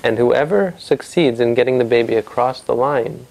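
A calm, wise male sage voiced by a man telling a story lays out his judgement in a measured, reasonable way. The voice is gravelly with a mellow, darker tone. It sounds like a storyteller reading a figure's lines. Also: medium pitch, lightly acted, rough recording. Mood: instructing.

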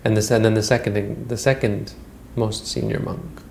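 A man's voice: on the low side, little pitch movement, moderate pace, gravelly, darkish tone, a little hiss or hum, rough recording. A man retelling a Buddhist story as a teacher, in a conversational way with frequent restarts.

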